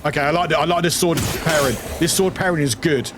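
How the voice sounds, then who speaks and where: A British streamer who talks through a game live, exclaiming and repeating lines. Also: male voice, on the high side, a little fast. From United Kingdom. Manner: excitable, exclaiming and repeating itself. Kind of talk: live gameplay commentary. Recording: noisy stream audio.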